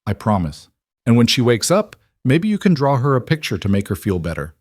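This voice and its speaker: Kind frontier woman, voiced by a man, gentle but firm, reassuring, raised pitch, dry close sound. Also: sing-song, fairly quick, dry recording.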